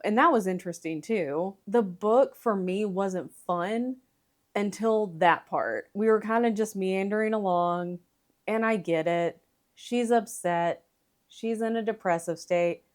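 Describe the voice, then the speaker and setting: A woman's voice: mid-range voice, a little slow. A woman in her thirties giving a casual book review on her vlog, chatty and rambling, correcting herself as she goes and swearing lightly. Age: 30s. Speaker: book vlogger.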